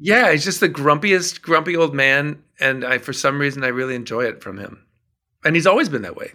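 A middle-aged songwriter from Minnesota, chatting as an interview guest and telling animated stories. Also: male voice, a little high, a little fast. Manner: animated storyteller, acts out quotes. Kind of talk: casual interview chat.

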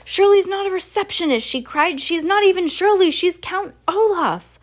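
A woman's voice: medium pitch, expressive, moderate pace, natural voice. A woman voicing a clever teenage girl who speaks earnestly and urgently in a storybook reading. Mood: crying out.

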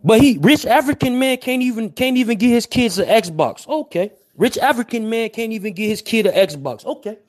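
High-voiced man firing rhetorical questions. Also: moderate pace, few pauses. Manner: animated, slangy, fires rhetorical questions. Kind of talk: heated casual commentary.

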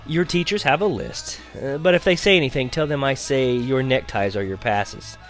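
A man's voice: medium pitch, normal speed, faint music behind, natural voice. A man voicing a fussy middle-aged woman who runs a school booster club, prim and gushing in manner. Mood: bossy.

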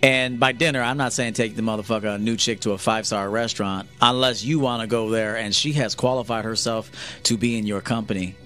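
A man's voice: fairly low pitch, fairly even intonation, brisk, hardly any pauses, fairly bright tone, soft background music. A man giving a blunt, profane lecture to men as a dating coach on a livestream.

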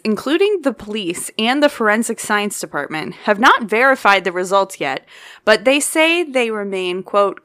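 A woman co-host with a bright, lively voice that swings up and down as she talks. She chats casually and playfully, laughing often. She reads her notes aloud to her partner in between the banter. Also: medium pitch. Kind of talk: casual chat.

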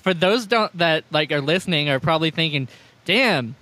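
A man's voice: a little high, fairly quick, pushed and bright. A man hosting a casual podcast chat, rambling and swearing freely. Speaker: podcast host.

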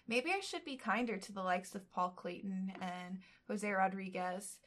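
A woman's voice: medium pitch, normal speed, a bit bright. A woman co-hosting a casual podcast, reading a novel aloud and breaking off into joking asides.

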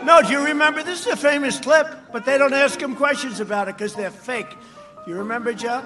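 A man giving a campaign rally speech on a stage microphone, boastful and mocking, repeating himself and often shouting. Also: extremely high pitch, a little fast, faint music behind. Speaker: political speaker at a rally. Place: large rally before a crowd.

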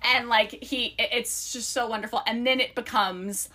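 A woman's voice: fairly high pitch, fairly even intonation, normal speed, over a noisy crowd. A young adult woman co-hosting a casual book podcast, gushing about a book and filling her talk with "like.". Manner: gushing, filler-heavy, lots of "like". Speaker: podcast co-host. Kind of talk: casual chat about books.

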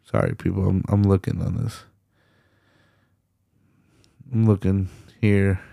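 A young man with a low, gravelly voice delivers an exasperated, profanity-laden solo rant as a podcast host. He talks slowly and with a dark, mellow tone. The sound is dry and close. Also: flat delivery, dry recording. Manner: profane, exasperated ranting with lots of fillers.

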